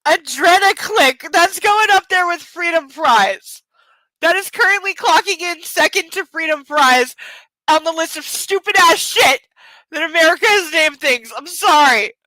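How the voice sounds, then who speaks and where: A woman hosting a book club livestream, chatting casually and reading aloud, giggling and exclaiming in loud reactions. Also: very high voice, expressive, moderate pace, no echo, rough recording.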